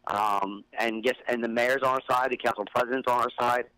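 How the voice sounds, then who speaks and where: A man's voice: medium pitch, steady tone, fairly quick, pushed and bright, clean tone, no echo, low-quality recording. A man with a Philadelphia accent hosting a podcast in a casual, rambling way, with lots of fillers and restarts. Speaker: podcast host.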